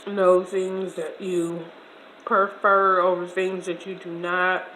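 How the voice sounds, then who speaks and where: A woman in her forties telling a personal story in a chatty, slangy, expressive way during a casual meal video. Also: lowish voice, slow pace, a little hiss or hum. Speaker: vlogger. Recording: echoey room.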